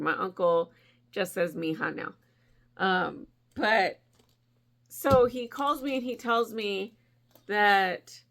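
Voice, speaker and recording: A woman in her forties, a crafting vlogger, telling a long rambling story in a chatty, animated way and laughing often. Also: fairly low pitch, gravelly. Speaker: crochet vlogger.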